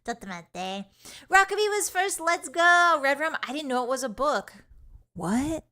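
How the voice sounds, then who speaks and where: Bright, bubbly young woman streamer. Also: high voice, lively intonation, measured pace. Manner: playful, teasing, bubbly greetings. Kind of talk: casual stream chat.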